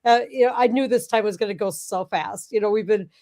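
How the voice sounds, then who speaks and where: Live-chat host, woman, halting delivery with lots of ums, heard over a video call. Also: medium pitch, a little mellow. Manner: halting, full of ums and restarts.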